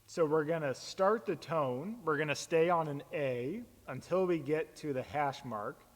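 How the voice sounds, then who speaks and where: A man, a pastor, casually explaining how to chant psalms, relaxed and plain-spoken with frequent fillers. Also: fairly high pitch, measured pace, big-room sound.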